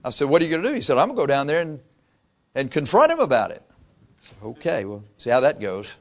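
A man preaching a sermon as pastor, slow and emphatic, drawing out his phrases for weight. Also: fairly high pitch, wildly swooping pitch. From raised Catholic.

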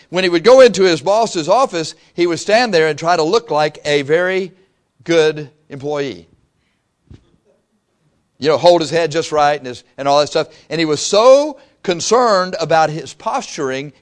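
Man preaching a conversational sermon. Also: a little high. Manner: conversational preaching, acts out dialogue in quotes. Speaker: pastor. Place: church sanctuary.

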